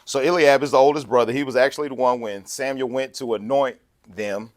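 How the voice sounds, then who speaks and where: A man preaching a sermon in a lively, conversational way, acting out quotes and laughing along the way. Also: medium pitch, brisk.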